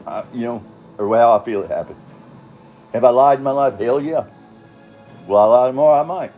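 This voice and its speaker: A man's voice: medium pitch, muffled recording. An older man telling his own story in a rambling, casual monologue, blunt and profane, chuckling and drifting off on tangents.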